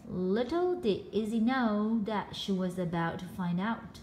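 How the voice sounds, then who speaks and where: A woman reading a children's storybook aloud in a slow, expressive way with dramatic pauses. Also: medium pitch. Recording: roomy echo with faint background hum.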